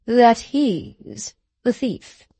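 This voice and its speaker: A woman doing a blunt, sharp-tongued hard woman. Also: a little high, big pitch swings, very slow, dry recording, exaggerated voice. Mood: stubborn. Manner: blunt, triumphant, scornful.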